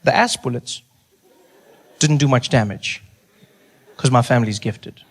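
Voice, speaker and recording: A male stand-up comedian, telling a story in an animated, exasperated way on stage. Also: mid-range voice, a little slow, a little hiss or hum.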